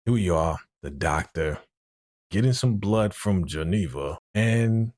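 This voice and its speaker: A man's voice: deep voice, expressive, takes it slowly, darkish tone, dry recording, clean studio sound. A man giving a casual recap of a TV episode, retelling scenes through quoted dialogue and speaking out plainly about what he dislikes. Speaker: TV recap vlogger.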